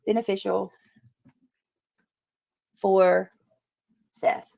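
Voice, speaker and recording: Earnest woman hosting a livestream, gravelly voice. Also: mid-range voice, little pitch movement, very slow, mellow, dry recording. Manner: earnest, repeats herself for emphasis; talks to chat while reading comments. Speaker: livestream host. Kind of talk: casual live commentary.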